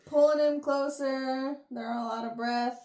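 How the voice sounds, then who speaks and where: A young woman with a high voice chats casually about a book, giggling often. She slips into the characters' voices as she retells scenes. The recording carries a roomy echo. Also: fairly even intonation, takes it slowly, darkish tone. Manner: giggly, acts out characters' lines. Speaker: book review host. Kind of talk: casual chat. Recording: echoey room.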